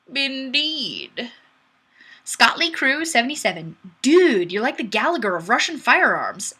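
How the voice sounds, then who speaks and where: A woman's voice: fairly high pitch, bright, forceful tone, breathy edge. Bubbly young woman livestream host. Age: young adult. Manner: bubbly, giggly, playfully self-deprecating. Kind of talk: casual chat reading viewer comments aloud. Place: home room on webcam. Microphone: webcam mic.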